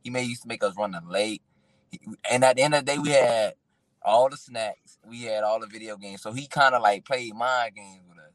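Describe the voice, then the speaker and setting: Young male athlete guest, rambling and relaxed, dry close sound. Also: medium pitch, fairly quick, dry recording, low-quality recording. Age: young adult. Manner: relaxed, rambling, laughing storyteller. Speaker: high school athlete guest. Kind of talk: casual interview chat.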